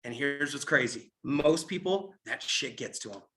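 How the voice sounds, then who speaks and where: A man leading a live business training, telling an animated story and checking in with listeners. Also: mid-range voice, normal speed. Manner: animated storytelling, keeps asking "right?". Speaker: network marketing trainer.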